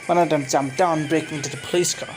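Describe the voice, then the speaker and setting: Rambling fan-story narrator over music. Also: male voice, a little high, fairly even intonation, quick pace, poor audio. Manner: loose, rambling, restarts and self-corrections. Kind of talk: casual read-aloud storytelling.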